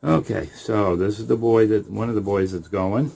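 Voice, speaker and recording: A middle-aged man, a rabbit breeder, giving a casual video update in an unhurried, halting way, now and then softly cooing to his animals. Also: fairly low pitch, vocal fry.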